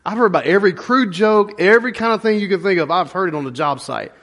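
A man's voice: high-pitched, animated, fast, a bit bright. A middle-aged man preaching a conversational sermon as a pastor, folksy and plain-spoken, full of rhetorical questions.

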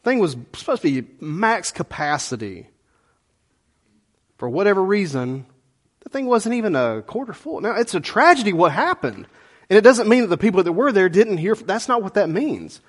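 Lively, animated male pastor preaching. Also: high-pitched, moderate pace. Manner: conversational, animated preaching with folksy asides. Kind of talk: sermon.

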